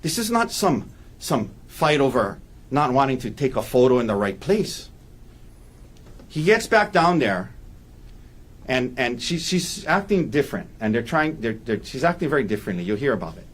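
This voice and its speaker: A man's voice: mid-range voice, big pitch swings, moderate pace. A man giving a courtroom opening statement as defense attorney, emphatic and repeating key points for weight.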